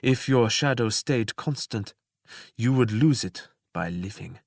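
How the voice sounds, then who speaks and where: A man voicing a calm, detached male immortal who speaks in a measured, quietly lecturing way. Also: mid-range voice, gravelly, dry recording, studio quality. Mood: serene.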